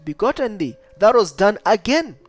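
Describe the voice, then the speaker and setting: A man teaching a Bible study lesson, reading verses aloud and keeping up a steady stream of rhetorical questions to his listeners. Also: high voice, normal speed, soft background music. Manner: keeps asking the listener rhetorical questions like "right?" and "what?"; reads scripture aloud in old-style wording.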